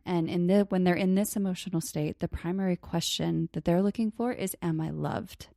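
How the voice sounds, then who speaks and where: A woman therapist co-hosting a parenting podcast, calmly explaining a method and softly acting out gentle example phrases. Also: lowish voice, a little fast, vocal fry, no echo, clean studio sound. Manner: calm, explanatory, slips into soft hushed example phrases. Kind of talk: casual teaching on a parenting podcast.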